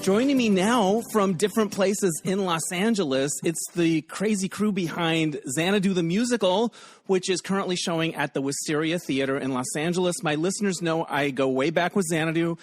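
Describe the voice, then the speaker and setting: Male podcast host, chatty and rambling, a touch high-voiced, with faint music underneath. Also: normal speed, no room sound. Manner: chatty, rambling, laughs often. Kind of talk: casual chat.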